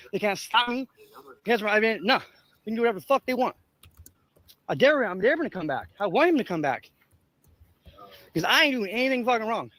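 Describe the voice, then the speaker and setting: A man with a very high, bright voice that swings up and down with heat. He rants and taunts in a steady stream of profanity while streaming on a handheld camera from a public sidewalk. His voice sounds close and dry. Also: no room sound. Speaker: street streamer. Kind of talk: confrontational livestream ranting.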